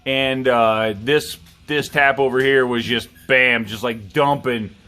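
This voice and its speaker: A man who has clearly had a few drinks hosts his own review video. He drawls slowly, swears constantly and cracks jokes at his own expense. Faint music plays somewhere behind him. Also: medium pitch, fairly even intonation, pushed and bright. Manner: drunk, rambling, profane, self-mocking. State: tipsy. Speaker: knife review vlogger. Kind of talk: rambling casual chat.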